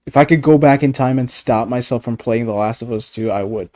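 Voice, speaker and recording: Man, casual chat, rambling, stammering, profane, warm dark voice. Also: mid-range voice, a little fast.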